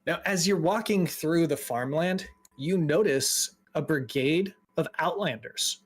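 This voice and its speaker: Casting: male game master, relaxed storytelling, fairly high pitch. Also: measured pace, slightly rough. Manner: relaxed, laughs often, descriptive. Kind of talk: narrating a tabletop game.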